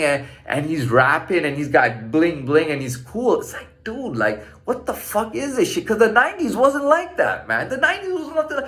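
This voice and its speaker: A man's voice: a little high, a bit bright. A man in his thirties ranting in a casual monologue, profane and stammering through restarts. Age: 30s.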